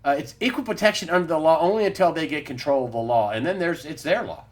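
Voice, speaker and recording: A male host delivers a weekly news commentary in a combative, emphatic way and talks straight to his audience. His voice sits a little high for a man. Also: animated, quick pace. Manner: emphatic, combative, addresses listeners as folks. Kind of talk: opinionated political news commentary.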